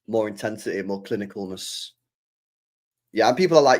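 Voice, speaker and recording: A man's voice: fairly low pitch, animated, a little fast. A young man talking casually on a live stream as a football fan, passionate, swearing and repeating his points.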